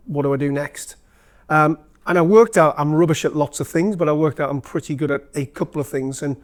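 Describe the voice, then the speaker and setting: Geordie businessman telling stories to a room, a touch high-voiced, chatty and self-mocking. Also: a little mellow. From North East England. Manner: chatty, self-deprecating storyteller with many fillers. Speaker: former CEO giving a guest talk. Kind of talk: live anecdotal talk to an audience. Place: event room with an audience.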